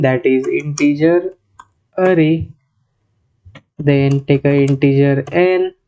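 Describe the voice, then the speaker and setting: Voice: medium pitch, dark tone. A programming tutor, thinking aloud through a coding lesson with many restarts and bits of Hindi. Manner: mixes in Hindi phrases. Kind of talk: screen-recorded coding lesson. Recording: slightly muffled, lo-fi sound.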